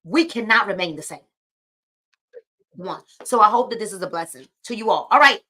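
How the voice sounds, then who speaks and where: A woman's voice: medium pitch, expressive, moderate pace, bright, forceful tone. A woman hosting a live book club stream, preachy and encouraging, often repeating her phrases.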